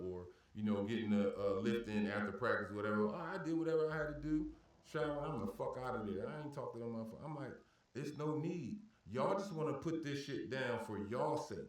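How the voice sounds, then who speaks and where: A man spins a profane, heated story and bursts into the angry voices of the people in it. He sits well back from the mic, so the sound is roomy and echoey. His pitch stays at an ordinary middle level. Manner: heated, cursing, acts out shouted exchanges. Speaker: podcast guest telling a story. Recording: roomy echo, far from the mic.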